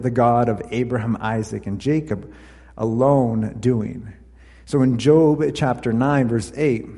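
A man's voice: medium pitch, dark tone, breathy edge, long reverb tail. A man preaching a sermon, walking through scripture passages and reading verses aloud, sometimes correcting his own slips. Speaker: pastor.

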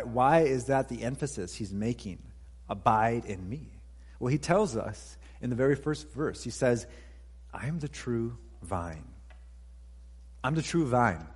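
Husky-voiced man preaching in a reverberant hall. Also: mid-range voice, darkish tone. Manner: earnest, repeats key phrases for emphasis. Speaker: pastor. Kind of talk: sermon.

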